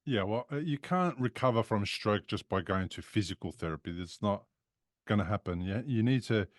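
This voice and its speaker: Low, dry male interview guest, candid and emphatic, conversational. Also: expressive, moderate pace, no echo. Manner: open, frank and emphatic. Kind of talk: casual conversation.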